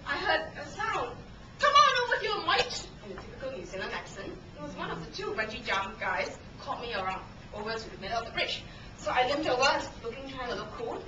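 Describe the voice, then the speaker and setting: Animated high-voiced woman giving a speech, shrieks and laughs through the story, echoey room, camera far off. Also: fast. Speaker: contest speaker. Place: meeting hall. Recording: echoey hall, distant camera, noisy.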